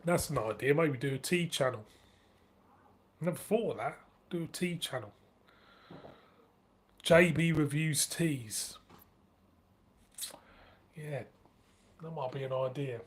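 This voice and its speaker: A man's voice: mid-range voice, moderate pace, long pauses. A middle-aged man with a northern English accent, chatting casually on a live stream, laughing often and swearing freely. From northern England. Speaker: beer review channel host.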